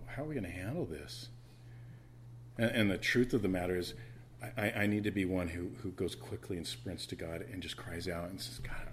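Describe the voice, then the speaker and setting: Preaching as a pastor, a middle-aged man shifts between loud, emphatic passages and quiet, intimate ones, with conversational personal asides along the way. His voice is lowish, and there's slight background noise.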